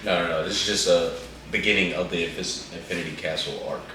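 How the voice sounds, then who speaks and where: A man's voice: low-pitched, fast talker, sharp tone, slight background noise. A man talking casually as a co-host, rambling and slangy as he reviews an anime movie. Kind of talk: casual chat. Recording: echoey room, far from the mic.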